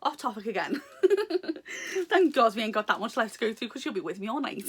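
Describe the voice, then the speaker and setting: A woman's voice: on the high side, animated, quick pace, husky. A young woman chatting casually through an unboxing, giggly and gushing, rambling off topic. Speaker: vlogger unboxing a subscription box. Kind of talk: casual chat.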